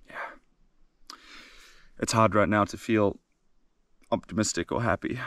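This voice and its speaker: A man's voice: lowish voice, fairly even intonation, takes it slowly, pauses often, a bit bright, dry recording. A young man vlogging alone on a mountain trail, exhausted and in pain, talking with frequent weary sighs into a handheld camera. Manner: weary, sighing often. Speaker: solo hiker vlogger. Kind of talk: casual video diary. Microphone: handheld phone or action camera.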